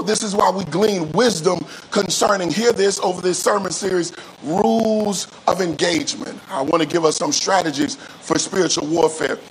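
High-voiced man preaching call-and-response. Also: slight background noise, low-quality recording. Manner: call-and-response preaching, drawn-out emphatic phrases; repeats words and restarts mid-phrase. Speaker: pastor. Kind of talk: sermon.

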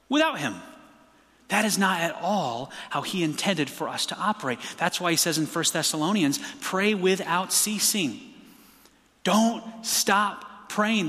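A man preaching a sermon as pastor, in a conversational, lively storytelling way, acting out quoted voices. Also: high voice, big-room sound.

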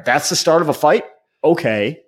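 A man's voice: fairly high pitch, lively intonation, normal speed, slightly rough. Incredulous man in casual chat.

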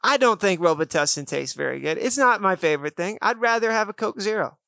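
A man's voice: high-pitched, expressive, fairly quick, vocal fry, sharp tone, no room sound, clean studio sound. A man co-hosting a casual faith podcast, explaining points earnestly with everyday examples. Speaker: podcast co-host.

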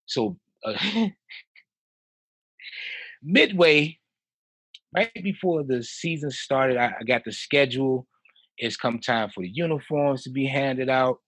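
A man in his fifties from Chicago, a house music producer telling stories as a podcast guest in a lively way, with frequent laughs and restarts. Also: medium pitch, slow, pauses often, no room sound, poor audio. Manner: animated, laughs often, repeats and restarts. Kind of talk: casual storytelling in a podcast interview.

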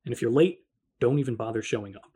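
A stern, booming football coach, as a male narrator voices him, laying down the law with commanding weight. The tone is dark and slightly husky. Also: quick pace, close to an everyday voice.

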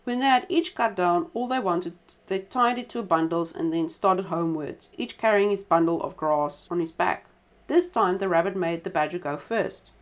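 A woman reading a folk tale aloud in a relaxed way, stopping now and then for chatty side comments. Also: lowish voice, moderate pace. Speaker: storyteller.

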